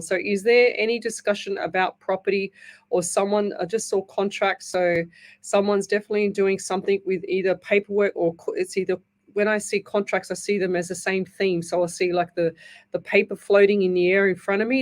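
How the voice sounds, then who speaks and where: Chatty psychic host. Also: female voice, medium pitch. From Australia. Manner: chatty, warm-hearted, calls listeners lovey and hun; reads viewer comments aloud and explains things in plain terms. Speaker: psychic medium radio host. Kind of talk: live call-in psychic readings.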